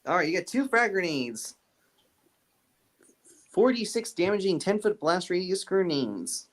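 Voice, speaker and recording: A man's voice: high voice, big pitch swings, a little slow. A man running a tabletop horror campaign as game master, rambling and stumbling over repeated words.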